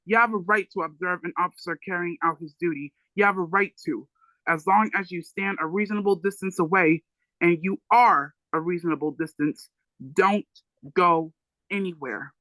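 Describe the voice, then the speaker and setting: Bright-voiced reader reading a memoir aloud. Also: mid-range voice, normal speed, no echo, low-quality recording. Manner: emphatic, with profane asides. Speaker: book club reader.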